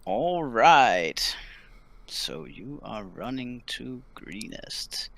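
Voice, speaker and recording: Slow, bright-voiced man running a game. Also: mid-range voice, very animated, gravelly, no echo. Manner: hesitant, many ums and restarts. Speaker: dungeon master. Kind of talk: narrating a tabletop game.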